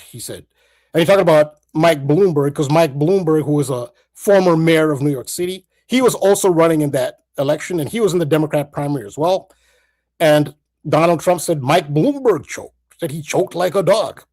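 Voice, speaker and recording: An earnest man lays out his theory step by step, stopping and restarting as he links one point to the next. His voice sits a little on the high side for a man. It has the sound of a talk show monologue. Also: a little mellow. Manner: earnest, building connections point by point, frequent restarts. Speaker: podcast co-host.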